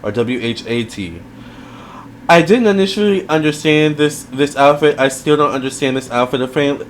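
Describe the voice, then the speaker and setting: A man's voice: mid-range voice, a little hiss or hum. A man giving a casual video review, chatty and rambling, with lots of fillers and side remarks. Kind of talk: casual commentary.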